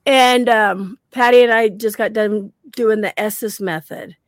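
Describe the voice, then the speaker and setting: A woman telling paranormal stories on a casual podcast, animated, acting out quotes and laughing often. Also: mid-range voice, unhurried, dry recording, studio quality. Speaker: guest paranormal investigator.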